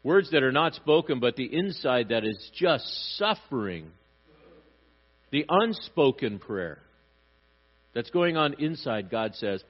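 A man preaching a sermon, animated, acting out short voices as he tells his points. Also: medium pitch, unhurried, dull audio. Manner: animated, acts out little voices for God and parents. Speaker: pastor.

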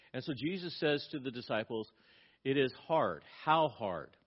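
A man's voice: medium pitch, lively intonation, normal speed, slightly rough. A middle-aged man preaching a sermon as a pastor, emphatic and repeating his key phrases, with frequent restarts. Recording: dull lo-fi recording.

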